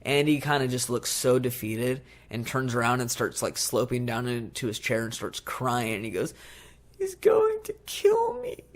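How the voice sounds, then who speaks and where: A man's voice: mid-range voice, moderate pace, few pauses. A young man co-hosting a podcast, retelling film scenes in a casual chat and acting out the lines. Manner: animated retelling with acted-out quotes. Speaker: podcast co-host.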